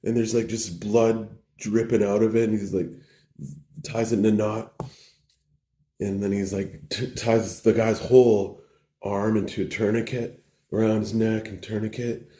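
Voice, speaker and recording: A preacher telling a parable in a casual, slangy way, full of like and bro. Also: male voice, lowish voice, level tone, unhurried, dark tone. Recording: roomy echo.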